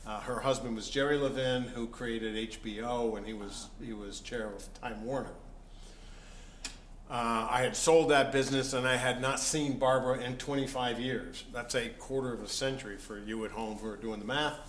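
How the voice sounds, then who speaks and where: A man's voice: mid-range voice, steady tone, normal speed, fairly bright tone. Wry storytelling man in a roomy echo. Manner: wry, self-deprecating humor. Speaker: interviewed musician. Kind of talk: casual anecdotal storytelling. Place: event venue, indoors. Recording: roomy echo, faint background noise.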